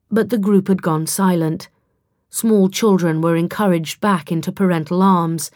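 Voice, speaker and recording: A woman reading a science fiction story aloud in an even storytelling delivery. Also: on the low side, moderate pace, no room sound, studio quality. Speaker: audiobook narrator. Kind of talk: scripted narration.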